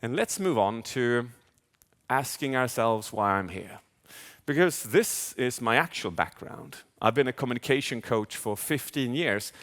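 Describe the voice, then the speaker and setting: A man speaking as a communication coach in a live keynote, animated, asking the audience questions and acting out inner voices. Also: medium pitch, measured pace. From Sweden. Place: large event hall. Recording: long hall reverb.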